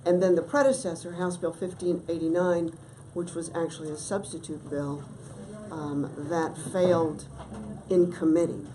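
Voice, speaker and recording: A middle-aged woman giving formal testimony at a legislative hearing, measured and emphatic, stressing key words. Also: on the low side, level tone, noisy background. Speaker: testifying witness.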